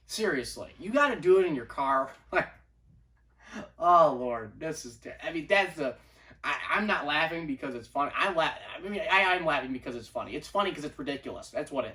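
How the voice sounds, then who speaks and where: A man's voice: fairly high pitch, pushed and bright, recorded from a distance. A man ranting in casual commentary for his own baseball channel, incredulous and repeating himself as he talks. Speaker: baseball vlogger.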